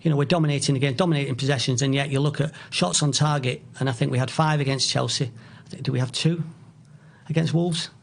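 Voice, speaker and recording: A man, middle-aged, talking as a guest in a casual podcast chat, opinionated and halting with many restarts. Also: medium pitch, fairly even intonation, vocal fry. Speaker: guest, football author.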